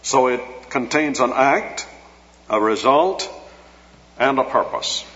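A man preaching an expository sermon in a measured, teacherly way, slowing down to stress key words. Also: mid-range voice, fairly bright tone, slight background noise. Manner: measured, teacherly, slows for emphasis. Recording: dull lo-fi audio in a reverberant hall.

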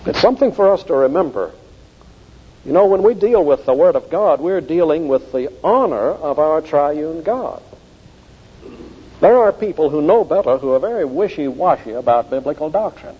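A man preaching in a fairly high voice, pressing each point with emphatic repetition. The recording is dull and lo-fi, with a long reverb trailing off the walls of a large hall. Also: lively intonation, normal speed, breathy edge. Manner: emphatic, repeats key phrases for stress. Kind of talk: sermon.

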